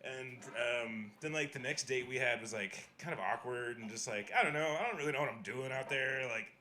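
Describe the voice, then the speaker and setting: A man's voice: mid-range voice, brisk, sharp tone, a little hiss or hum. A young man hosting a comedy show, telling a rambling story full of fillers between acts. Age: young adult. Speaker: host of a comedy open mic. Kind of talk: stand-up hosting. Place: small comedy venue.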